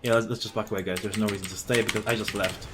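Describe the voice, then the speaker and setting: A man giving live commentary over his own gameplay, explaining his moves, getting excited and swearing at enemies, with frequent fillers and restarts. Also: lowish voice, racing, background noise.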